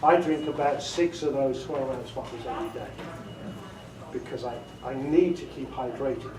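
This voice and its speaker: A man with a mid-range voice speaks at a normal speed amid crowd noise. He's running an informal audiobook narration workshop for a group in a meeting room, chatting, laughing often at himself, and showing off inflections. The room echoes and the mic is far away.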